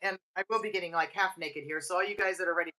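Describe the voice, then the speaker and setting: A woman in her fifties co-hosting a casual chat show, telling stories with lively laughter. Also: lowish voice, rapid-fire. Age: 50s. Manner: animated storyteller, laughs often. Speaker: podcast co-host.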